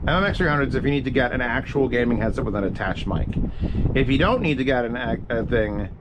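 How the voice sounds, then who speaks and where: Male streamer, casual rambling chat, swears a lot, mid-pitched voice, noisy background. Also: lively intonation, fast talker. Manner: profane, rambling, thinking aloud. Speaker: streamer answering audio questions.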